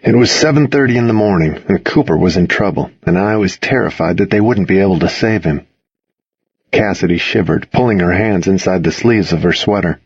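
A man reading a first-person story aloud as an audiobook narrator, at a measured, steady pace. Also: low-pitched, husky, no echo, muffled recording.

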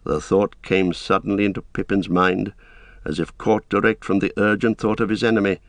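Male narrator, low voice, measured delivery, dry close studio sound. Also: no room sound. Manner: measured, steady storytelling. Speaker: audiobook narrator. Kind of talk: scripted narration.

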